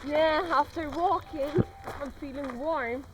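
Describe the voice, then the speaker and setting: A woman chatting casually in a travel vlog outdoors, excitable and quick to exclaim. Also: high voice, very noisy. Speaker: travel vlogger. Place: outdoors on a road trip.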